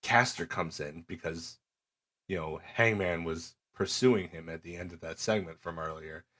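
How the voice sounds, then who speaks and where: A man's voice: sits low, normal speed. A middle-aged man co-hosting a podcast, recapping matches in casual chat and acting out the wrestlers' lines. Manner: animated storyteller, acts out quoted lines. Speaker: podcast co-host.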